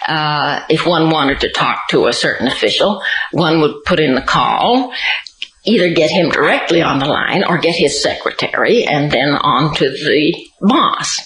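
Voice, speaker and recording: A woman giving an oral history interview, telling her memories in an unhurried, storytelling way with occasional light laughs. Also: low-pitched, animated, fairly bright tone, reverberant, poor audio.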